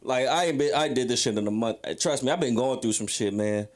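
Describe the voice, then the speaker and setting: A man's voice: medium pitch, brisk. A drunk man doing a crude, rambling open mic stand-up set on a comedy club stage, roasting the crowd. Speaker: stand-up comic.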